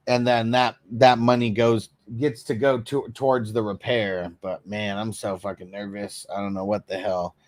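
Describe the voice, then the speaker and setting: A man hosting a casual fantasy football live stream, reading viewer comments aloud, cursing freely and laughing often, sometimes animated and sometimes mumbling low. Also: dry recording. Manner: profane, laughing, swings between animated and mumbling. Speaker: fantasy football podcast host.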